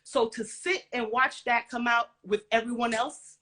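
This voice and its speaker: Interview guest, woman, higher pitch and bright tone, animated storyteller with casual slang. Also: moderate pace. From Caribbean and Central American family background. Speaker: guest, former music video dancer.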